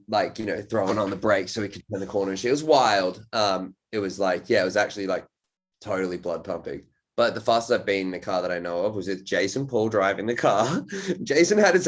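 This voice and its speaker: Speaking fairly quickly, this male podcast host lets his talk wander, tossing in an offhand curse now and then. His pitch is somewhat low, and the mood is friendly, casual conversation.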